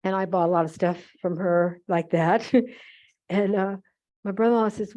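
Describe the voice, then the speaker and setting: A woman's voice: mid-range voice, fairly even intonation, moderate pace, dark tone, lo-fi sound. An older woman telling fond, rambling stories to an audience, full of asides and self-corrections. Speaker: guest speaker at a museum holiday event. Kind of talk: chatty anecdotal talk to an audience.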